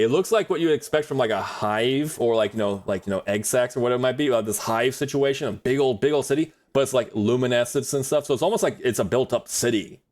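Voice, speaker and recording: A man's voice: mid-range voice, darkish tone. A man chatting casually on a livestream while drawing, rambling in a friendly way with many fillers and restarts.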